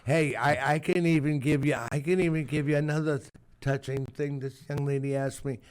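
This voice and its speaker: Older New man, guest on a sports call-in show, halting rambling storyteller. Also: a little high, fairly even intonation, darkish tone, clear, resonant tone. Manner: rambling, halting, many restarts. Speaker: retired youth baseball coach, guest. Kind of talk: casual radio interview storytelling.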